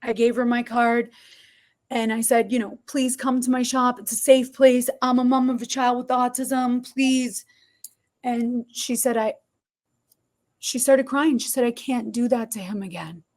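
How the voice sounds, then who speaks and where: A middle-aged woman, a podcast guest telling her story in an animated, expressive way. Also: fairly high pitch, unhurried. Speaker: podcast guest, barber shop owner. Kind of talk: storytelling interview.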